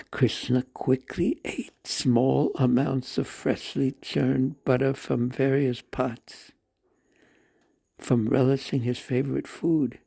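Gravelly, dark-voiced male storyteller. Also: medium pitch. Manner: measured, with slow pauses and self-corrections. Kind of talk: reading a devotional story aloud.

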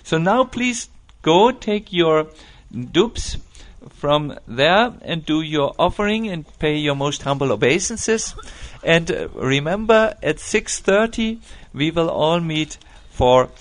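A man giving a devotional talk as a spiritual teacher, slow and gentle, with many pauses and fillers. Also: fairly high pitch, expressive.

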